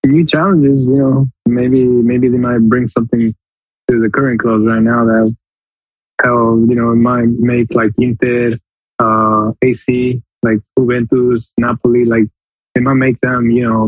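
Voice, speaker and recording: A man with a husky, slightly rough voice, co-hosting a sports podcast. He rambles, circles back over his own phrases and lets sentences trail off. The recording is dry and close. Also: mid-range voice, no echo, poor audio. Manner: rambling, repeats himself, trails off mid-thought. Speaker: podcast co-host. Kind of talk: casual sports podcast chat.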